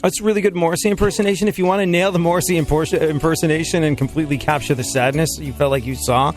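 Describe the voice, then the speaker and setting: A man's voice: fairly high pitch, fairly even intonation, racing, faint music behind. A male radio host joking casually with his co-host in a wry, laughing manner. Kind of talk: casual comedic radio chat.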